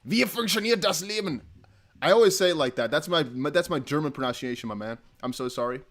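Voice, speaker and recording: A man's voice: medium pitch, fast talker. A young man from the Netherlands hosting a casual crypto livestream, reading out donations in a rambling, laughing way. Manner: chatty, laughing, rambling with restarts.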